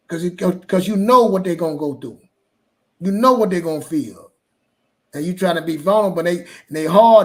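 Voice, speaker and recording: A man's voice: high voice, fairly quick. A man co-hosting a motivational talk show, telling personal stories in a casual, earnest, slangy way. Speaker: podcast co-host. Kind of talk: personal storytelling.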